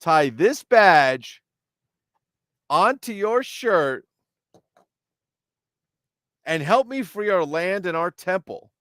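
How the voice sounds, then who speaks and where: A man voicing a proud male army commander who is recruiting children, reading a storybook card aloud in a slow, declaiming tone. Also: sits high, big pitch swings, a bit bright, no room sound, studio quality, pitched above the performer's own voice, exaggerated voice. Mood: rallying.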